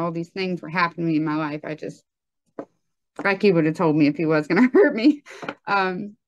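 Halting young woman telling her testimony. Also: lowish voice, clean tone, no room sound, highs cut off. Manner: halting, full of ums and likes. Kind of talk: personal testimony in conversation.

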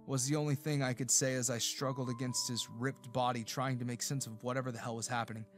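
A man narrating a first-person romance story in an expressive, emotional way. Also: mid-range voice, fast talker, few pauses, faint music behind.

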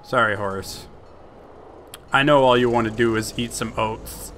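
A young man giving casual, profane, joking commentary over his video game play, flipping between excited shouts and laid-back chatter. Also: medium pitch, a little slow, slight background noise. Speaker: gameplay commentator.

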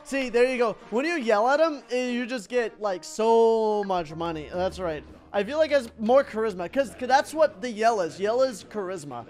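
A young man giving excitable let's-play commentary, thinking aloud and laughing as he plays. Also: sits high, normal speed, hardly any pauses. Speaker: gaming YouTuber.

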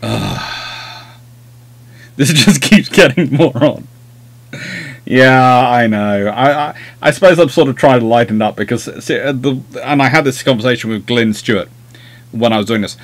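A man's voice: mid-range voice, normal speed. A man hosting a livestream, chatting casually and telling rambling, self-deprecating anecdotes. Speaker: host of a naval history livestream.

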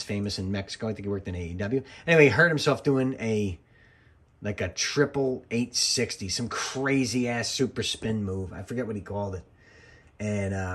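A man's voice: lowish voice, a bit bright. A man, a former wrestling referee, giving casual, rambling commentary over old match footage and drifting into jokey side stories.

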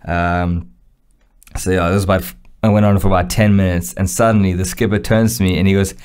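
A young man co-hosting a podcast, telling a story in a casual chat, animated, acting out quotes and laughing often. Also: deep voice, brisk, clear, resonant tone. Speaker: podcast co-host.

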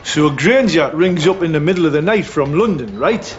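A man's voice: on the high side, lively intonation, moderate pace, muffled recording, background noise, close to an everyday voice. A man playing a cocky Geordie schemer. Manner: blunt, boastful, scheming. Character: cocky scheming working-class builder. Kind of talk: television drama acting.

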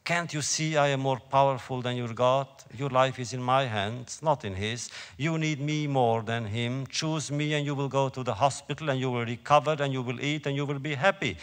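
A man voicing a brutal German camp officer who taunts and shouts threats, in a hall with long reverb. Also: medium pitch, moderate pace, hardly any pauses, close to an everyday voice. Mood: domineering. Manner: harsh, taunting, rising to shouts.

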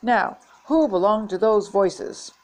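A woman's voice: medium pitch, expressive, slow. An older woman reading aloud, voicing a firm grown woman with a pet snake who lectures children. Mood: lecturing.

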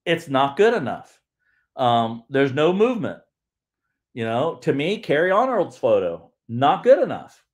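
A man talking casually to his livestream audience in a voice of ordinary, middle pitch. He rambles, restarts his sentences and fills the gaps with "um" and "you know". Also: big pitch swings, a little slow. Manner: rambling, frequent restarts and fillers. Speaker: livestream host.

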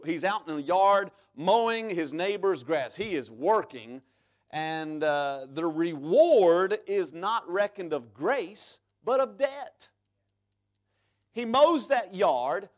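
A man preaching a sermon in church, reading scripture aloud and swinging between loud emphatic peaks and sudden hushed drops. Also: sits high. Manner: reads scripture aloud in King James English. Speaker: pastor.

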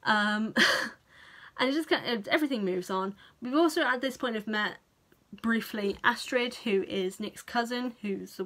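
A young British woman giving a casual film review to camera, chatty and animated, swearing freely and acting out the characters' reactions. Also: a little high, unhurried. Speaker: vlogger.

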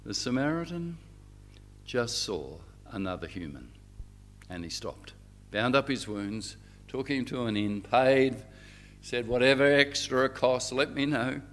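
A man's voice: medium pitch, measured pace, slight background noise. A man, a reverend giving a public lecture with stories and rhetorical questions. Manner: lively storyteller, rhetorical questions.

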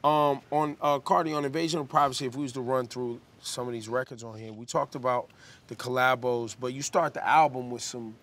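A man's voice: mid-range voice, steady tone, brisk, a bit bright. Laid-back male interview host. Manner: laid-back, slangy, easygoing questions. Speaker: interviewer, music show host. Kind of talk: casual interview chat.

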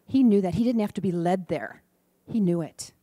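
A woman giving a sermon, telling gentle, affectionate stories about small children and turning animated when she retells their words. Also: mid-range voice, moderate pace, no room sound. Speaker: speaker in a preaching class. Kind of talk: sermon storytelling. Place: church or center hall.

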